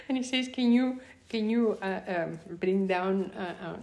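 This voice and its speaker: A woman's voice: mid-range voice, slow pace. A woman telling a personal story in an interview, acting out the dialogue and laughing often as she goes. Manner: animated, acts out quoted dialogue.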